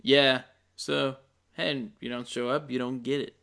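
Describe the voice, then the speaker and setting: A man's voice: medium pitch, little pitch movement, measured pace, creaky, fairly bright tone. A man co-hosting a casual podcast, dry and teasing. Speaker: podcast co-host. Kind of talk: casual chat.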